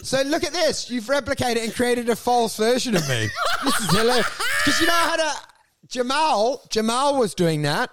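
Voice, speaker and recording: A man's voice: extremely high pitch, moderate pace, heavy background noise. A middle-aged man, a comedian co-hosting a podcast, chatting casually and animatedly, often laughing. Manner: animated, laughing, mimics others in quotes.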